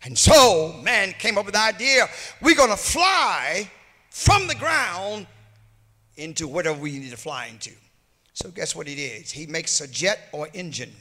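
A pastor preaching a sermon, rising into sung and shouted peaks, recorded in a church sanctuary. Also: male voice, high voice, big pitch swings, unhurried. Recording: hall reverb from a church livestream.

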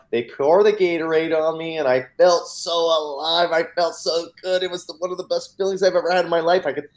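Earnest American man telling his story. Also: a little high. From United States. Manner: earnest, emphatic, acts out dialogue; repeats words when starting. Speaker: mindset coach, guest. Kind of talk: personal storytelling interview.

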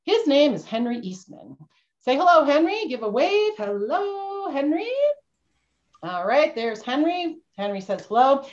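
A woman's voice: high-pitched, very animated, measured pace. A woman playing a bumbling, jittery male schooner captain who insists he isn't cursed, in a storytelling role-play for kids over a video call. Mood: welcoming. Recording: dull lo-fi video-call audio.

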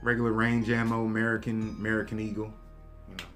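A man casually reviewing a handgun, talking straight to his viewers in a relaxed, slangy way. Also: lowish voice, quick pace, soft background music. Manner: laid-back, slangy, talks to viewers directly. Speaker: gun review vlogger. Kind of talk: casual show-and-tell review.

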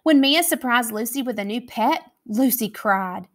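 A woman with an American accent reading a children's picture book aloud, expressive and animated, taking on voices for the characters. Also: on the high side, a little slow, few pauses. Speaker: school academic coach reading aloud. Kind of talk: children's storybook read-aloud.

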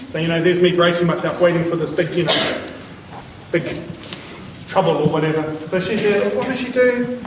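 High-voiced man telling stories in echoey hall. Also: a little fast, noisy background. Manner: animated, laughing, acts out voices. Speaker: visiting speaker at a school. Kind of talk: storytelling talk to students. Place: large school hall with students. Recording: echoey hall from far off with crowd.

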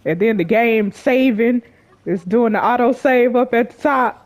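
A woman's voice: a little high, unhurried, a little mellow. A woman giving casual gameplay commentary as a YouTuber, chatty and slangy with her viewers, jumpy and laughing nervously, shrieking as she plays. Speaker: gaming YouTuber.

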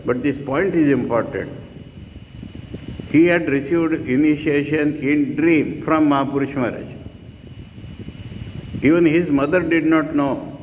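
A man's voice: a little high, unhurried, pauses often. A man in his eighties with an Indian accent giving a devotional lecture, earnest and digressive, with frequent asides. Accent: Indian English. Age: 80s. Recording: reverberant room with faint noise.

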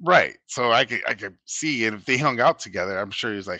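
A man's voice: medium pitch, lively intonation, fairly quick, bright, forceful tone, no room sound. A man co-hosting a podcast review in casual chat, agreeable and explaining plot points. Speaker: podcast co-host reviewing a movie.

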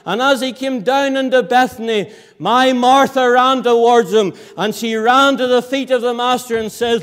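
A man preaching a sermon in a church hall, impassioned, swinging from loud cries to hushed low lines. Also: fairly even intonation, normal speed, few pauses. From Northern Ireland.

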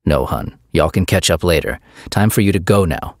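A man doing a protective father with a low, rumbling voice that lays down the law with no-nonsense firmness. The sound is dry and close, with no room around it, as in an audiobook character voice. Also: normal speed, no room sound. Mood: gentle. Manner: stern, commanding, no-nonsense. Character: firm protective middle-aged father.

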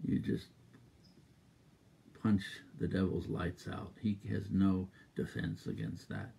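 A man preaching a sermon as a minister, exuberant and emphatic, repeating exhortations and breaking into loud rhythmic laughter. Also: low voice, very animated, takes it slowly, vocal fry, slightly rough.

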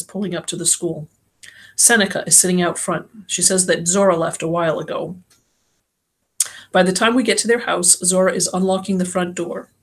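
A woman's voice: lowish voice, slightly rough. A woman reading an audiobook in the first person, telling the story in a plain, slangy girl's voice. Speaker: audiobook reader.

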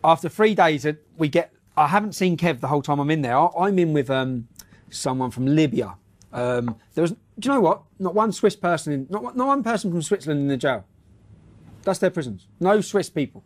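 Brash, profane male commentator with a fairly high voice. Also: lively intonation, fairly quick. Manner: brash, profane, laughing asides. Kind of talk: casual news commentary and anecdote.

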